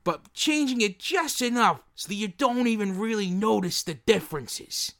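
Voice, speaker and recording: A man puts on a sleazy producer pitching a cheap knockoff film, halting and rambling with lots of fillers. The voice sits a touch high and sounds bright and forceful. It is an improvised comedy sketch. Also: expressive. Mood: scheming. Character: scheming male film producer, sleazy and eager.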